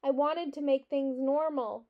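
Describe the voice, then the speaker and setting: A worried, tearful mother from a storybook, voiced by a woman reading aloud, speaking in a high, slow, heartfelt voice. The recording sounds dull and lo-fi. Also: fairly even intonation.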